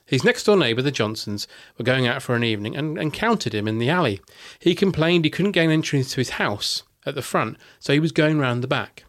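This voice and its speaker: A man hosting a podcast, telling a true story in casual chat with wry, deadpan asides. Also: medium pitch, fairly quick, hardly any pauses.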